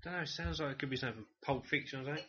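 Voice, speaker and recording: A man's voice: fairly high pitch, very fast, sharp tone, husky, dull audio. A man playing along in a casual podcast film quiz, laughing a lot and swearing casually. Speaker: quiz contestant.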